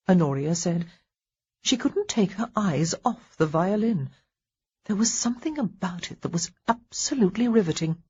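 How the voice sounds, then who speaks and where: A woman narrating an audiobook with expressive, lilting storytelling. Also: on the low side, normal speed, husky, muffled recording.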